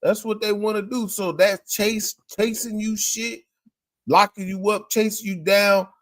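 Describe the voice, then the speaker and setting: A man's voice: high-pitched, steady tone, measured pace, no echo. Rambling man searching for words. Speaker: podcast host. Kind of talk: casual chat.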